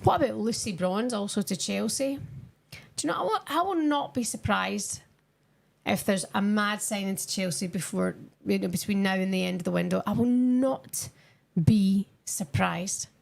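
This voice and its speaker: A woman's voice: mid-range voice, normal speed, gravelly. A young woman chatting casually with her viewers on a live stream while she watches a football match and answers their comments.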